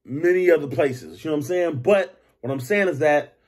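A man hosting a podcast, telling a story in a loose, animated monologue. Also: moderate pace. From Detroit. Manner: animated storytelling, acts out others in high voices. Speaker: podcast host. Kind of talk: casual monologue.

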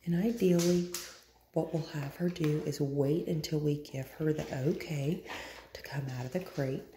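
A woman dog trainer demonstrating at home, praising softly and calmly, often dropping to a hush. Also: low-pitched, moderate pace. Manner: soft, calm praise, often hushed to a whisper. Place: indoor home room with a dog crate. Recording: roomy echo with loud background noise.

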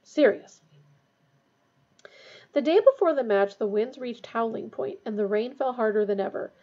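A woman reading a storybook aloud in a steady, expressive way. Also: fairly high pitch, brisk. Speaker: reader. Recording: dull lo-fi recording.

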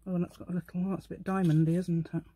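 She speaks very fast in a lowish, mellow, level voice while hosting a laid-back crafting tutorial from her home craft table. Thinking aloud, she puts questions to the viewer as she goes, and the recording has no echo.

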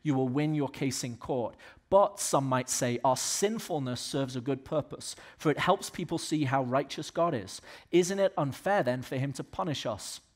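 A man from the American South preaching a sermon as pastor of a church, swinging between loud exhortation and quiet, earnest asides. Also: medium pitch, normal speed, hardly any pauses. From Southern United States.

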